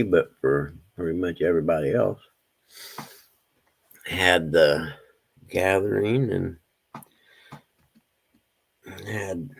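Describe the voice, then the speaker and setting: A man's voice: low-pitched, vocal fry, breathy edge, poor audio. A man chatting casually on an early-morning livestream from home, rambling along. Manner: rambling, drawling, talks to his pets. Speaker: live streamer. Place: home, indoors.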